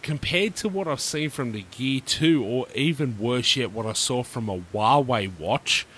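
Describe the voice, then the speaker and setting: A man's voice: medium pitch, unhurried, fairly bright tone, slight background noise. A man, co-hosting a casual tech chat podcast and giving laid-back, opinionated takes. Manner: opinionated, laid-back, uses Aussie slang. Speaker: podcast co-host.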